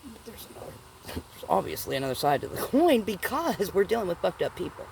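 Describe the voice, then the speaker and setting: Woman storyteller with a gravelly edge, talks in loose, profane, rambling asides to her viewers. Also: fairly low pitch, sing-song, fairly quick, darkish tone, a little hiss or hum. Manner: rambling, profane, checks in with listeners. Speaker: vlogger. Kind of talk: casual storytelling.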